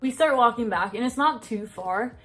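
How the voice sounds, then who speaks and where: A young adult woman telling personal stories in casual vlog chat, rambling, full of "like" and quick laughs. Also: fairly high pitch, lively intonation, fairly bright tone. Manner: rambling, fills speech with "like", laughs often. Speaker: vlogger.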